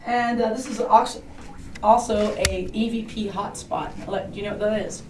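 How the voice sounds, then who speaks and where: A woman's voice: mid-range voice, steady tone, normal speed, noisy background. A woman giving a guided tour, a chatty, jokey storyteller who talks a lot. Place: inside an old historic building. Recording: roomy, distant camera mic.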